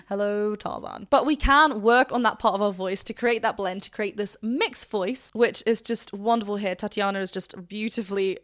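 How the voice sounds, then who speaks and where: A woman vocal coach reacting to a song, gushing and rambling with quick restarts. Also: mid-range voice, fairly bright tone. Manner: breaks into short sung demonstrations. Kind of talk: reaction commentary.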